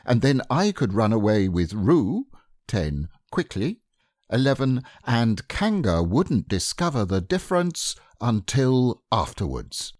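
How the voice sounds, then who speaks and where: A man's voice: mid-range voice, a little mellow, dry recording, clean studio sound, heavily acted. A man voicing a proud, fussy male rabbit who reads out his numbered plan in a storybook reading.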